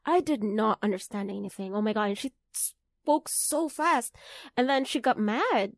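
A woman's voice: mid-range voice, normal speed, dry recording, studio quality. A young woman from the Philippines, chatting as an interview guest and laughing often. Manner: giggly, animated, laughs often. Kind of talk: casual interview chat.

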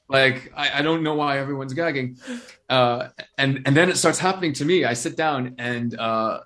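Animated male storyteller, lots of "uh". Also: mid-range voice, a little fast, a little hiss or hum. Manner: animated storyteller, many fillers and restarts. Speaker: interview guest, singer-songwriter. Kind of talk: casual phone-style chat.

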